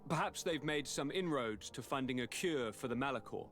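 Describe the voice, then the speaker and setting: Polished noble governor, voiced by a man, courtly, animated pitch. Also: faint music behind, natural voice. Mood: courteous. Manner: courtly, measured. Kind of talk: video game dialogue.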